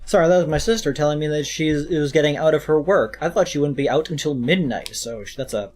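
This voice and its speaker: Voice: mid-range voice, fast, a little mellow. Rambling, joking VTuber streamer. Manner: rambling, joking, self-mocking. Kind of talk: casual chat during a game stream.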